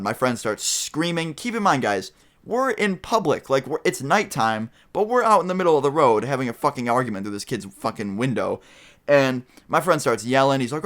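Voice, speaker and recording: A young man talks straight to his viewers in a casual storytime vlog, his voice sitting at an ordinary middle pitch. He rambles through the retelling and swears constantly. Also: very animated, normal speed, a bit bright. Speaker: vlogger.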